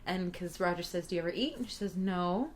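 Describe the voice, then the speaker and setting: A woman's voice: on the low side, fairly quick, a little hiss or hum. A woman co-hosting a podcast, chatting casually and laughing often as she retells TV scenes. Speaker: podcast co-host. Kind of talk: casual chat recapping a TV show.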